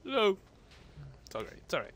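A gaming channel host doing let's-play commentary, hyper and excitable, jumping between sudden yelps and low mutters and trash-talking opponents. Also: moderate pace, no echo.

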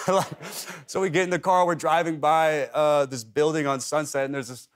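A man's voice: a little high, steady tone, moderate pace. A man in his thirties, a talk show guest, rambling through anecdotes with lots of "like" and restarts in casual chat. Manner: rambling storyteller, heavy on "like" and restarts. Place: TV studio.

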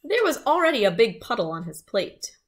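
A woman's voice: on the high side, a little fast, slight background noise. A woman reading a children's chapter book aloud, with small asides to her listeners. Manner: lively storytelling, small asides.

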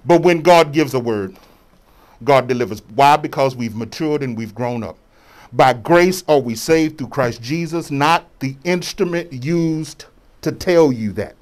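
A man's voice: medium pitch, measured pace. A man preaching a sermon as a bishop, colloquial and preacherly, calling out to his congregation for responses.

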